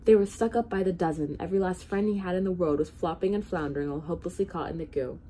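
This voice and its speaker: A woman's voice: fairly low pitch, quick pace, slight background noise. A woman reading a children's storybook aloud expressively as a volunteer reader. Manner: expressive, animated read-aloud.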